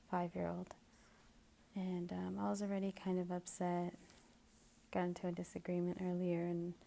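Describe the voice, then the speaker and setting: Low, gravelly-voiced young woman vlogger. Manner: hesitant, many ums and restarts, drifting into soft whispers. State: a little out of breath. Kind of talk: casual storytelling vlog.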